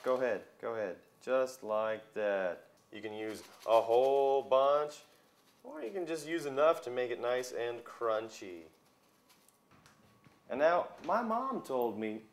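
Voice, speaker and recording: A young man hosting a casual cooking video in a home kitchen, chatting viewers through each step. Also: mid-range voice.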